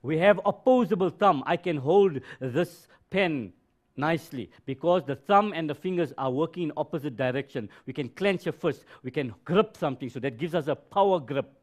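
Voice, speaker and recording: A man teaching biology on a live stream, explaining slowly and repeating key terms with rhetorical questions. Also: a little high. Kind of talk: live-streamed classroom lesson.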